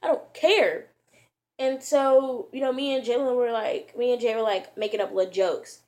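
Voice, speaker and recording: A woman's voice: a little high, steady tone, moderate pace, mellow. A woman vlogger telling a story to her viewers in a rambling, casual way, full of fillers and slang.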